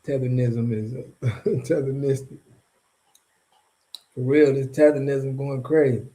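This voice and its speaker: A man's voice: mid-range voice, steady tone, measured pace, warm tone, a little hiss or hum. A man from Florida giving casual, rambling commentary in a vlog, heavy on slang and chuckling between points. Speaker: vlogger.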